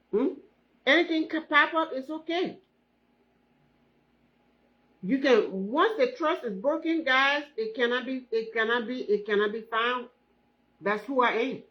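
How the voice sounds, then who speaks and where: Braiding lady going live on her phone, keeps repeating herself, "hmm?" a lot, kinda dull lo-fi sound. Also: on the high side. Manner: emphatic, repeats phrases, often asks 'hmm?'. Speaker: hair braiding business owner. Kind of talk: live stream monologue to viewers.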